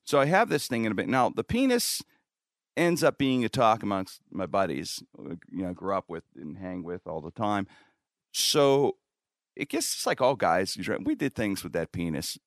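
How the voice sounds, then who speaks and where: A middle-aged man hosting a show and telling a long story in casual chat. He is animated, swears freely and acts out the people in his tales. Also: lowish voice, moderate pace, dry recording, clean studio sound. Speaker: show host.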